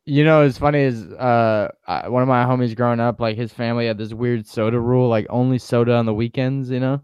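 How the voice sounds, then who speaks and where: A man's voice: mid-range voice, steady tone, brisk, darkish tone, smooth, dry recording, muffled recording. A young man telling laid-back stories in casual chat, full of slang and swearing. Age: young adult.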